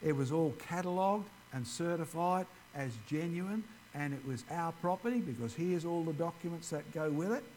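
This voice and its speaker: A man's voice: on the high side, lively intonation, normal speed, few pauses, a little mellow, slight background noise, rough recording. A man giving an informal ministry presentation, chatting directly with his audience. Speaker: creationist ministry speaker.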